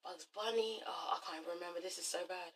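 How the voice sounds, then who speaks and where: A woman hosting a blunt, animated casual vlog review, swearing freely. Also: fairly low pitch, quick pace, far from the mic, noisy background. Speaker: vlog host reviewing a reality TV show.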